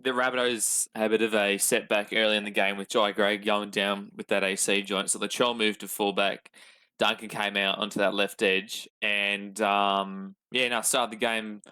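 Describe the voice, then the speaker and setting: A man co-hosting a casual sports podcast, talking in a measured, hesitant way with lots of fillers. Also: lowish voice, flat delivery, bright, forceful tone, clean tone. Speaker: podcast co-host.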